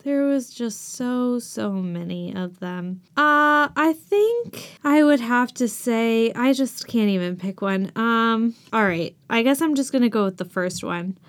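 A woman's voice: a little high, expressive, unhurried, few pauses. A woman co-hosting a casual movie review podcast, asking incredulous questions and laughing. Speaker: podcast co-host.

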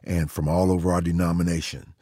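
Gravelly guy preaching, gets loud and worked up telling stories, husky, big hall reverb. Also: sits low, fairly quick. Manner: animated, rises to near shouting in stories. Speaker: pastor. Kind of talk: sermon storytelling.

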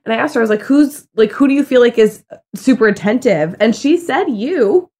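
A woman's voice: fairly high pitch, lively intonation, fairly quick, mellow. A young woman co-hosting a podcast, chatty and upbeat, telling stories and asking questions. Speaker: podcast co-host. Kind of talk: casual podcast chat.

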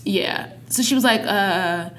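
A woman in her thirties, a parent, chatting casually on a podcast and telling a family story with lively acted-out quotes. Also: medium pitch, unhurried, a little hiss or hum. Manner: animated storytelling, acts out quotes. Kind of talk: casual conversation.

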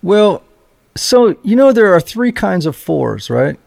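A man hosting a podcast interview, thoughtful and halting as he speaks. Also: sits high, very animated, vocal fry, darkish tone. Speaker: podcast host.

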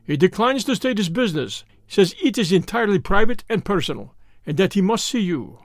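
A man's voice: high voice, sing-song, a little fast, no echo, clean studio sound. A man reading aloud, voicing a polite, deferential male secretary. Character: deferential male secretary who knows everything.

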